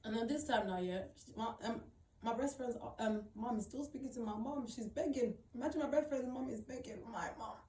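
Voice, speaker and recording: A young woman, tearful and upset, recounting a painful personal story in a rambling, repetitive way full of emphatic slang. Her voice sits a little high for a woman. It is recorded from some distance in a roomy, echoing space. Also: brisk, darkish tone, a little hiss or hum. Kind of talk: emotional personal testimony.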